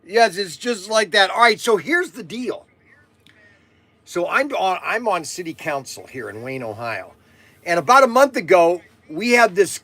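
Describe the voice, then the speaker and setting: A middle-aged man who runs a toy shop, hosting a casual live stream in a loud, rambling, chatty way. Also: a little high, no echo. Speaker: toy shop owner and vlog host.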